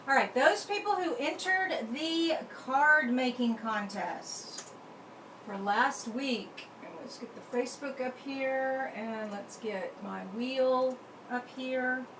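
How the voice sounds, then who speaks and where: A card-making channel host chats casually on a live stream, her high, slightly bright voice moving slowly as she talks to herself while working the computer. The room is echoey, with faint background noise.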